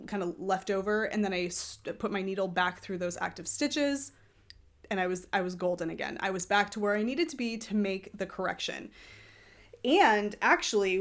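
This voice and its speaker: Chatty woman hosting a knitting podcast. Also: medium pitch. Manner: chatty, rambling, self-correcting. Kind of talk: casual chat.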